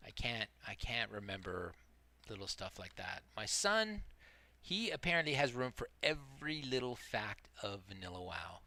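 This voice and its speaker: This middle-aged multiboxing streamer speaks at a moderate pace in a lowish, bright, forceful voice with big pitch swings. He rambles casually, walks through his tactics while playing, and teases himself. There's no room sound.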